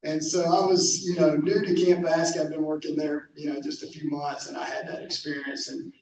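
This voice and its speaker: A man's voice: on the high side, level tone, a little mellow. Man telling a story from afar in an echoey hall. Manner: storytelling, halting restarts. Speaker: camp director. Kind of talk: speaking to a club meeting. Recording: echoey hall, distant mic, faint noise.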